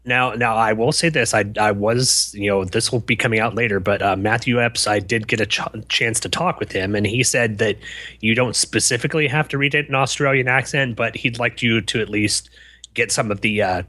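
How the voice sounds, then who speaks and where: Man, podcast co-host, low husky voice, bright, easygoing and wry. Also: fairly even intonation, no echo. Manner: easygoing, wry, quick to laugh. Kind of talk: casual podcast chat.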